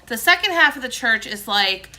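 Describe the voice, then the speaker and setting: A woman's voice: on the high side, lively intonation, normal speed, bright, forceful tone. A woman in her thirties chatting casually and venting, recorded at home in a dim room. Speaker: vlogger. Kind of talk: casual chat.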